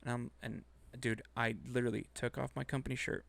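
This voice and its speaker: Man, gravelly, mid-pitched, profane animated storyteller, casual podcast chat. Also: quick pace. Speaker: podcast co-host.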